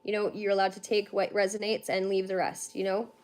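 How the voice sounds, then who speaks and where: A tired young woman from Canada, chatting fast on a livestream with lots of fillers while she gives a card reading. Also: medium pitch, flat delivery, darkish tone. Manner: fast-talking, chatty, laughs often, many fillers. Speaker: tarantula reader on a livestream.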